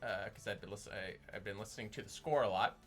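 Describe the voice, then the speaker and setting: A man's voice: on the low side, fast talker, fairly bright tone, faint music behind. A man co-hosting a casual film podcast, teasing his partner and telling stories. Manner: chatty, teasing, tells stories. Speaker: podcast co-host. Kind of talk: casual chat.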